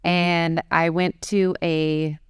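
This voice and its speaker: A woman's voice: lowish voice, level tone, smooth, no echo, studio quality. A woman in her forties, a fashion designer, telling stories from her career in a casual interview. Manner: conversational, quick anecdotes with acted-out quotes.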